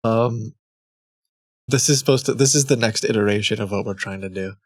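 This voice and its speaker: A man's voice: fairly low pitch, a little fast, no echo, clean studio sound. A man live-streaming, chatting casually to his viewers, rambling and cutting himself off, often laughing at himself.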